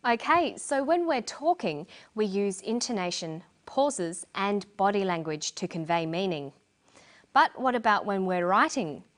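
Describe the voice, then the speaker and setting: Lively, clear-spoken woman teaching English. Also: mid-range voice. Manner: clear, deliberate explaining with lively intonation. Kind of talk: scripted educational narration.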